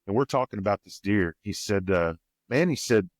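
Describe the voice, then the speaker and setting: Podcast guest, male, twang, folksy storyteller, lowish voice, dry booth sound. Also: a little fast, dry recording. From Missouri, USA. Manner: rambling, folksy, quotes others with raised pitch. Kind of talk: casual storytelling.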